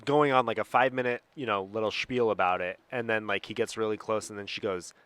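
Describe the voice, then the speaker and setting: A man with a lowish voice and a dry, close sound, chatting as a podcast co-host. He talks frankly, swears freely and retells movie scenes with dramatic quotes. Recorded at home. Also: steady tone, fast talker, a bit bright, no room sound. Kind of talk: casual chat.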